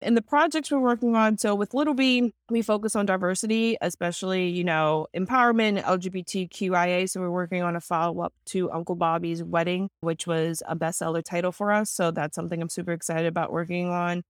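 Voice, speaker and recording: A woman guest in a casual podcast interview, telling workplace stories in a lively way and acting out heated exchanges. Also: fairly low pitch, a little fast, hardly any pauses, clean tone, dry recording, clean studio sound.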